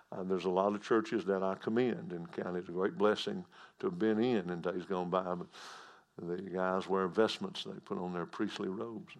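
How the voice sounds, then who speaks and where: A man preaching a sermon in a folksy, repetitive way, swinging from hushed asides to loud declarations. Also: sits low, steady tone, moderate pace, creaky.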